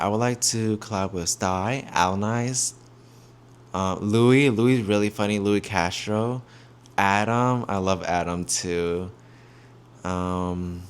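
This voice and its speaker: A man's voice: deep voice, slight background noise. A young man chatting casually to viewers in a vlog on a handheld mic, rambling with lots of fillers. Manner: rambling, heavy fillers, addresses viewers as y'all. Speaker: YouTuber.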